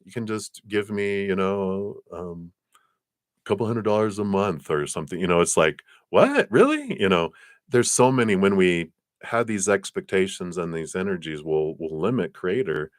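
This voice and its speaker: This man talks at a normal speed while doing live-stream tarot readings, his style loose, spiritual, and heavy on fillers. When quoting others, he performs their voices with sharp pitch leaps. The recording is dry and studio-clean.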